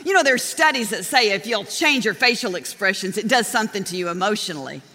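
A middle-aged woman pastor preaching a sermon, telling personal stories in an animated way and laughing often. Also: medium pitch, fast. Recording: long reverb of a large hall.

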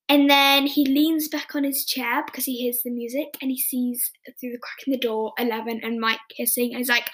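A woman hosts a podcast, recapping scenes in a loose, chatty ramble full of restarts and self-corrections. Her voice sits high. She talks casually, as if chatting with friends. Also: level tone, normal speed, hardly any pauses, a bit bright. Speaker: podcast host.

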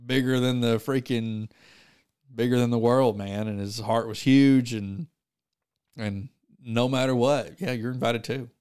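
A man's voice: medium pitch, steady tone, a little slow, a little mellow, smooth. A man co-hosting a podcast in casual chat, laid-back and giving short agreeing replies. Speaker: podcast co-host.

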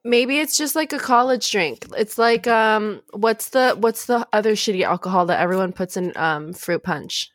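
A woman's voice: medium pitch, moderate pace, hardly any pauses, dry recording, clean studio sound. A young adult woman co-hosting a podcast in casual chat, blunt and emphatic with a lot of swearing. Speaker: podcast co-host.

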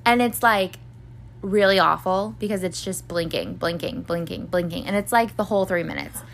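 This young woman's voice is low-leaning and gravelly, moving at a moderate pace as she hosts a podcast. She wanders through a personal anecdote, full of fillers and swearing, and imitates other people's voices.

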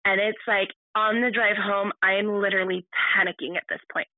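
Woman guest recounting her own past, halting and restarting often; thin phone-line sound. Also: mid-range voice, flat delivery, dry recording. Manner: halting, full of restarts and fillers. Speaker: podcast guest. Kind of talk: personal storytelling.

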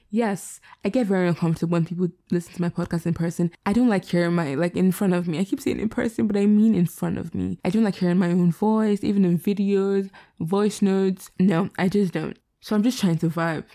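A woman's voice: lowish voice, vocal fry, dark tone. A young woman hosting her own podcast, chatting candidly and rambling at midnight, tired. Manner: rambling, candid, self-deprecating. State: tired late at night. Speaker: podcast host. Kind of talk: casual solo podcast chat. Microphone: laptop setup.

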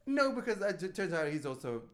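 A man co-hosting a podcast, telling stories in a campy, animated, casual way and laughing often. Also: high voice, brisk. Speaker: podcast co-host. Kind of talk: casual chat.

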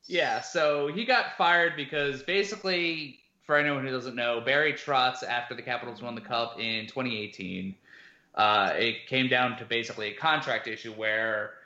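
A man's voice: medium pitch, normal speed, bright, forceful tone. A man co-hosting a casual sports podcast, rambling through his analysis with lots of fillers. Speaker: podcast co-host. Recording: roomy, dull lo-fi sound.

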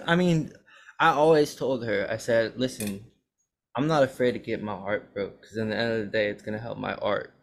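Profane young man telling animated stories. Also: lowish voice, normal speed, slight background noise. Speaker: podcast host and rapper. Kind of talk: casual chat.

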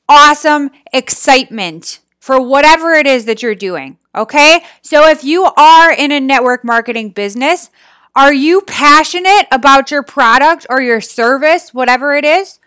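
Woman, high-pitched, bright, dry close sound, energetic motivational talk. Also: no room sound. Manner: energetic, exclaiming, chatty with listeners. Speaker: podcast host and business coach.

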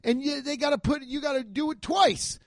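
A man doing a casual comedic rant, profane and excitable, acting out the voices of people he quotes, on a handheld mic. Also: very high-pitched, a little fast, gravelly, dry recording. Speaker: stand-up comedian. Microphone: handheld microphone.

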